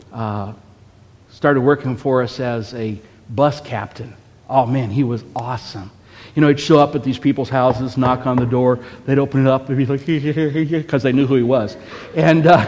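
A man's voice: a little high, long reverb tail. A man preaching a sermon as a pastor, telling a story with frequent "okay?" check-ins to the congregation.

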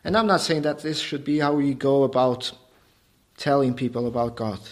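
A man preaching a sermon, emphatic and repetitive, asking the congregation rhetorical questions and building to forceful peaks. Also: medium pitch, normal speed. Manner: emphatic, rising to forceful peaks, repeats phrases.

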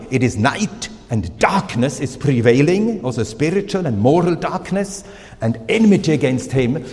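A man with a German accent, a native German speaker, preaching a sermon in slow, deliberate phrases with pauses and fillers. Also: on the high side, darkish tone, in a large hall.

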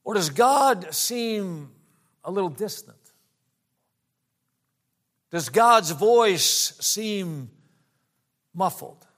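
A middle-aged man delivers a sermon in a high, light voice. He tells a homey story with easy asides, then slows right down when he quotes scripture. His manner is warm, plain pulpit storytelling. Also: animated. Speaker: pastor.

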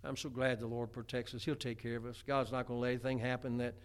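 A man's voice: mid-range voice, flat delivery, fast talker, clear, resonant tone. A middle-aged man preaching a homespun sermon, chatty, with many stammered restarts. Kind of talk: folksy sermon.

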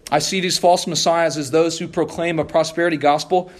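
A man's voice: on the high side, little pitch movement. Earnest man preaching a sermon. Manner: earnest, measured preaching with emphatic repetitions; occasional stumbling restarts. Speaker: pastor.

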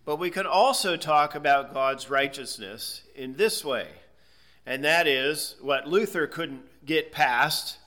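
A man's voice: fairly high pitch, slow pace, pushed and bright. A man giving a methodical Bible lesson, explaining word meanings step by step and checking in with "okay?". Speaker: Bible teacher. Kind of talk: expository Bible lecture.

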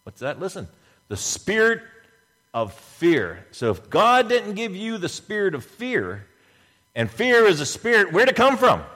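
Animated preacher man in a reverberant church. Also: high voice, measured pace. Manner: animated preaching, acting out scripture scenes in character voices. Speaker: pastor. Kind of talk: sermon.

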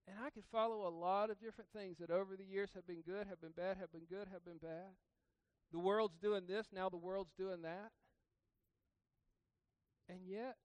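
A man preaching a sermon, asking the congregation questions and breaking into loud, emphatic bursts. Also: sits high, dry recording. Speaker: pastor.

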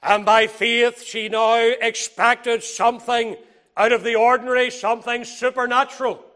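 High-voiced man preaching a sermon. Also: little pitch movement, unhurried. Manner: swings from loud emphatic preaching to hushed near-whispers; old-fashioned scriptural phrasing, repeats lines for emphasis.

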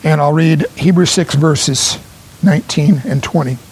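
A pastor delivers an earnest sermon and leans hard on key words. His voice sits high for a man, with a gravelly, husky edge. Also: a little mellow, rough recording. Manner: earnest, emphatic preaching with pauses.

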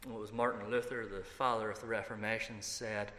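A man's voice: fairly low pitch, flat delivery, fairly quick, few pauses, bright, forceful tone. A man preaching a sermon as pastor, emphatic and building through repeated phrases. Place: church sanctuary. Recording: echoey hall reverb.

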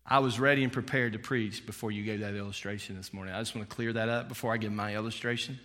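Bright-voiced man preaching in a hall. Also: fairly low pitch, fairly even intonation, fast. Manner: casual, storytelling with fillers. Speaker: pastor. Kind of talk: sermon with personal story.

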